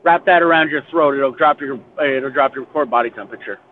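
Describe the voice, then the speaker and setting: A man in a casual chat, relaxed and handing out folksy advice over a voice call. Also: mid-range voice, brisk. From Arizona. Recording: tinny phone-like line, faint noise.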